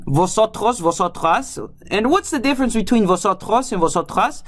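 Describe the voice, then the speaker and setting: A language teacher giving a casual lesson, slowly repeating words and drilling pronouns. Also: medium pitch. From Louisiana.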